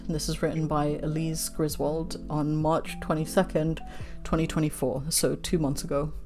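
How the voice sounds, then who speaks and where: A woman's voice: low-pitched, dark tone. A woman reading news articles aloud, breaking off into heated, sweary asides as she holds back tears.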